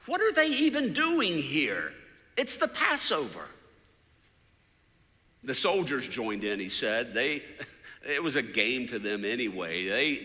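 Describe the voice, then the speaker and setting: Guy telling a sermon story, bright voice, swings loud to quiet, echoey hall. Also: medium pitch, sing-song, a little slow. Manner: dramatic retelling, voice rising loud for quoted shouts and dropping soft for prayers. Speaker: preacher. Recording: long hall reverb.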